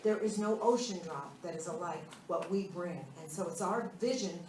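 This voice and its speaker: An older woman minister telling personal stories in a chatty, animated way during a spiritual talk. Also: on the low side, moderate pace. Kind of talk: casual storytelling in a spiritual talk. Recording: roomy hall with a distant mic and faint noise.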